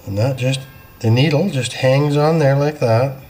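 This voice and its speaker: A man's voice: mid-range voice, unhurried, darkish tone. A man who runs a repair shop, casually talking through his work step by step, with self-deprecating and apologetic asides. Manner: chatty, explains each step as he works. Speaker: small-engine repair shop owner. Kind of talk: casual hands-on repair walkthrough. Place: repair workshop.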